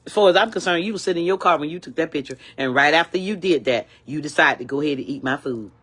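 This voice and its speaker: A woman's voice: sits low, animated, quick pace, a bit bright, slightly rough. An older woman ranting angrily in a vlog, repeating herself with indignant, preachy emphasis. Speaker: vlogger. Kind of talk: angry complaint rant.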